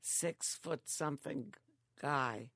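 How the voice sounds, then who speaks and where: An older woman living in a care home, chatting slowly and telling stories with frequent laughs. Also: sits low, creaky, fairly bright tone, dry recording. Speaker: interviewee, grandmother. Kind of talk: casual chat.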